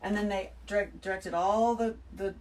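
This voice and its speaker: A woman giving an emphatic, animated spiritual talk to her listeners, full of swearing. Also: mid-range voice, moderate pace, recorded from a distance, rough recording. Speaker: host. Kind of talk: spiritual monologue to camera.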